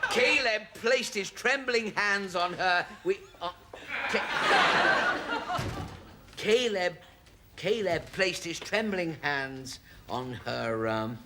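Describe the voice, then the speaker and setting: A man's voice: sits high, animated, extremely slow, pauses often, exaggerated voice. An actor playing a prim, easily flustered man who reads a racy novel aloud to hospital patients, apologetic and prone to giggling. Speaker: hospital volunteer reading aloud. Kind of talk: sketch comedy acting. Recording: heavy hiss on an old broadcast recording.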